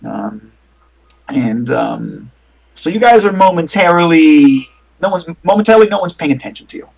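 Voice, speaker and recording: A man's voice: a little high, expressive, moderate pace, gravelly, husky. A man running a tabletop game as game master, rambling with many fillers and the odd swear word. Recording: tinny phone-like line.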